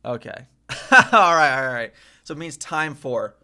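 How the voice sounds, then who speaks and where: His voice sits a little high, animated and clear, with a sharp yet resonant tone at a normal pace. The American man is streaming his casual language self-study live, thinking aloud while he repeats phrases and corrects himself.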